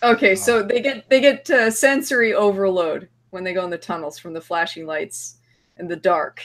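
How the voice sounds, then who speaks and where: A woman co-hosting a movie podcast in easy, casual chat. She swears freely and laughs often while she retells plots, her pitch sitting in the middle of the female range. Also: steady tone, normal speed, a bit bright. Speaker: podcast co-host.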